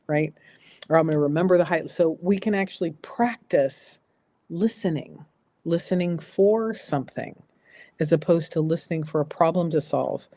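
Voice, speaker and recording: A middle-aged American woman giving earnest, emphatic advice as a talk show guest, repeating phrases for emphasis. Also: low voice. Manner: emphatic, repeats phrases, drops to a soft voice for reassuring lines. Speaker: guest speaker.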